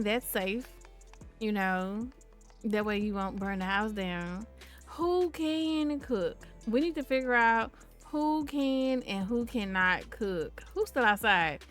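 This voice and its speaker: A woman's voice: medium pitch, fairly bright tone. A woman giving casual, playful commentary on a life-simulation game, chatting to her viewers and to the characters on screen. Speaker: gameplay commentator.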